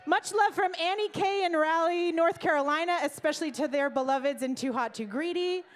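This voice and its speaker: A woman hosting a live stage event, playful and energetic, shouting out to the crowd and reading messages in a music venue. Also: extremely high pitch, a little fast. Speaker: event host.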